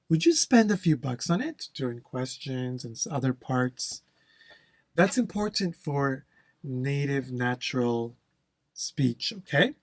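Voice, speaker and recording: An instructor teaching an exam-prep speaking lesson, often pausing to ask "okay?" and addressing the viewers as everyone. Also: mid-range voice, no room sound.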